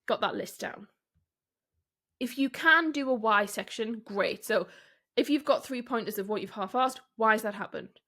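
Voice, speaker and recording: A woman hosting a solo business podcast, coaching listeners in a direct, candid way with rhetorical questions and quick laughs. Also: on the high side, bright, forceful tone.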